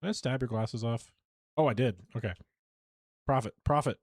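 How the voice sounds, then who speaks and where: A man's voice: mid-range voice, a little fast, creaky, darkish tone, no room sound, clean studio sound. A man streaming a game live, chatty and self-mocking as he talks through his play. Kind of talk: live gameplay commentary.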